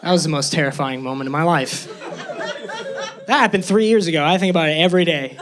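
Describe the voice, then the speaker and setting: A young man performing stand-up comedy on a club stage, nervous and self-deprecating, jumping into squeaky tones for punchlines. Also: fast talker. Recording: live crowd laughing. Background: audience laughter.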